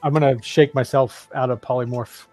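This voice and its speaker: A man's voice: mid-range voice, steady tone, normal speed, a little mellow, soft background music. A man playing a tabletop game, giving terse, wary in-character replies. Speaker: player. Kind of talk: casual tabletop play.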